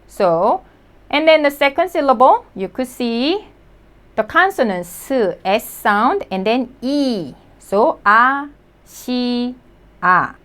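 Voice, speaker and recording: Woman, language teacher, slow deliberate delivery, sounds out syllables and repeats words, animated pitch. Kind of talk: slow, clear vocabulary lesson.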